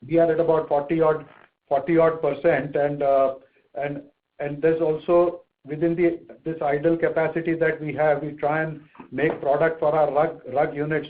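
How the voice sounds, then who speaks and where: A man speaking as a company executive on an earnings conference call, halting and hesitant, with many restarts. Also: fairly high pitch. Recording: phone-line audio.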